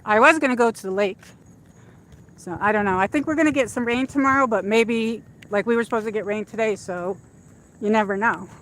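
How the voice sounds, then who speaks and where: Brisk and fairly bright, this woman's voice sits a little high. She's a livestream host on a casual walk-and-talk through an outdoor shopping area at dusk, talking into her handheld phone in a rambling way with plenty of fillers.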